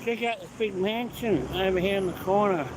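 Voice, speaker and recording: A vlogger with a high, brisk voice chats casually on a live stream while walking city streets and responding to viewer comments. Traffic and street noise sit behind the phone audio.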